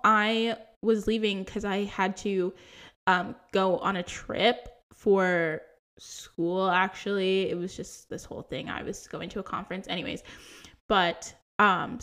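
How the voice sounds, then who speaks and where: A woman in her twenties hosting a podcast, telling personal stories in a chatty, laugh-filled way with lots of fillers. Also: mid-range voice. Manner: chatty, laughing often, full of likes and ums. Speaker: podcast host. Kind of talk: casual storytelling chat.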